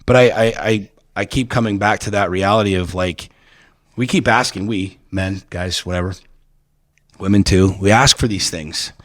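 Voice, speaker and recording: A man's voice: sits low, moderate pace, no echo, clean studio sound. A man guest on a podcast telling personal stories bluntly, with lots of swearing and repeated words. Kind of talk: candid personal storytelling.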